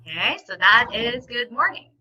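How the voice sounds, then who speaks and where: A woman with a rather high, very bright voice teaches a live online language class. She drills each word slowly, then repeats it, checking in with an encouraging "okay" as she goes. She speaks through a computer mic on a video session. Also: very animated, rough recording. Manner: instructive and encouraging, often says "okay".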